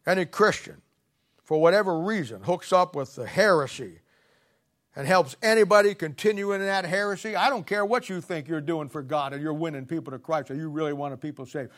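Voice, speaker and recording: A middle-aged male preacher delivering a blunt, confrontational sermon, swinging from loud declarations to low asides. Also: a little fast. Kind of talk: fiery sermon.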